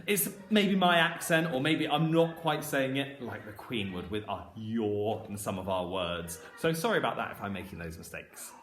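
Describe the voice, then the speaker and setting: A southern English man teaches primary-school phonics in a bright, sing-song voice that swoops up and down. He sounds like he is in an echoey room, with a faint hum of ambience behind him. He throws in playful asides as he goes. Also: medium pitch, expressive, normal speed, hardly any pauses. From southern England. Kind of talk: phonics lesson for children.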